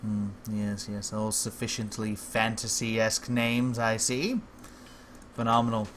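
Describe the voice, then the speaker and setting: A man livestreaming a fantasy game, reading the game's text aloud with slow, measured narration and breaking off into wry, joking asides. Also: on the low side, little pitch movement, a bit bright, a little hiss or hum. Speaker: game streamer.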